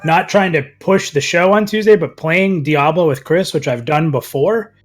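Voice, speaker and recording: A man chatting casually with friends on an online show, telling stories in an animated way and laughing often as he talks. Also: a little high, normal speed, soft background music. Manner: animated storyteller, laughs often mid-sentence. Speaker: show regular telling a story. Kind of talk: casual group chat.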